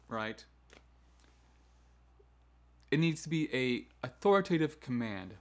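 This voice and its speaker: A man's voice: mid-range voice, very animated, takes it slowly, pauses often. Male choral-ed host, mid-range voice, chatty teaching tone, acts out firm commands. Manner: demonstrates teacher commands in a firm, downward-inflected voice; conversational, with frequent "right?" asides and restarts. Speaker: choral music education host. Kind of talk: instructional talk on classroom management.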